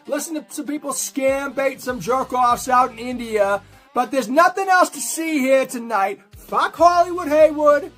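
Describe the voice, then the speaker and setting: A man's voice: very high voice, a bit bright. A man cutting a brash, profane wrestling promo, mocking his opponent while driving a car. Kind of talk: trash-talking wrestling promo.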